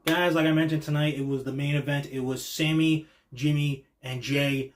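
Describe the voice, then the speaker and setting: Male show host, slightly high voice, casual reaction talk, excitable and slangy, drops quiet then gets loud. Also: normal speed, a little hiss or hum. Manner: excitable and slangy, swings between hushed and loud.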